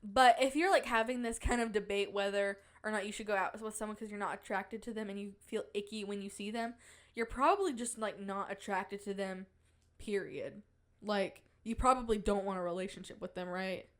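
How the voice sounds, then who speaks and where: A woman's voice: mid-range voice, fairly quick. A young woman hosting a podcast in casual chat, playful and giggly, bragging in a mock-dramatic way. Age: young adult. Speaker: podcast host.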